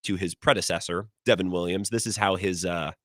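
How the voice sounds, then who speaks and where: A man hosting a sports talk radio show, giving opinionated takes in a sarcastic, animated way. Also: sits low, dry recording, clean studio sound. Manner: animated, sarcastic, quick asides.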